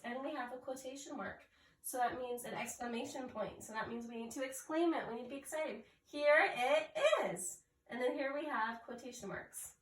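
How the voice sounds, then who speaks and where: A woman teacher giving an early reading lesson, sounding out and spelling words slowly and carefully. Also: a little high, a little hiss or hum. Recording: echoey room, mic at a distance.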